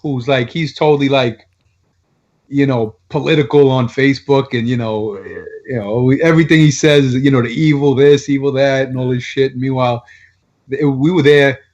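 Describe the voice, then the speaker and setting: Middle-aged new guy, blunt crude storyteller, average pitch, dull lo-fi sound. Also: fairly even intonation, normal speed, a little mellow. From Long Island, New York. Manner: blunt, profane storyteller who laughs often. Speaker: guest rapper. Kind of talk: casual podcast chat.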